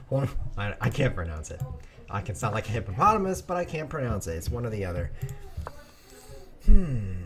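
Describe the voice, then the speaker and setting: A man hosting a chess stream, chatting casually and joking through his moves, with sudden bursts and quiet mumbles. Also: fairly low pitch. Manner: playful, jokey, rambling asides. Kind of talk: casual live commentary while playing.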